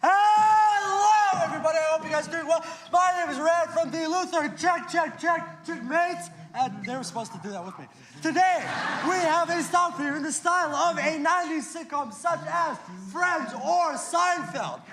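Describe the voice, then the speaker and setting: A young man steps up to explain his team's scene with tongue-in-cheek formality. His voice sits very high for a man. He keeps a joking, stiff tone. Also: moderate pace, few pauses, crowd noise. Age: young adult. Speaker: team member introducing a scene. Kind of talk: comic stage introduction.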